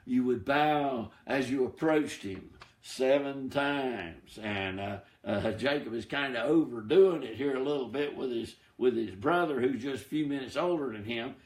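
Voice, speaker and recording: A man teaching an informal Bible study, in a chatty, unhurried way with many fillers and restarts, now and then quoting scripture. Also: medium pitch, echoey room.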